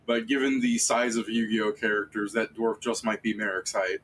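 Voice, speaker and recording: A man's voice: fairly low pitch, little pitch movement, moderate pace, fairly bright tone, a little hiss or hum, low-quality recording. A man running a tabletop game on stream, talking casually in a rambling, profane way. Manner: rambling, profane, full of fillers. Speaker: game master.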